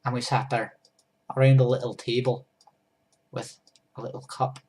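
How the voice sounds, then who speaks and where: A man's voice: medium pitch, little pitch movement, normal speed, a little mellow. A man narrating a goofy first-person story while he draws, rambling and breaking off to fix his drawing. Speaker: storyteller and drawer.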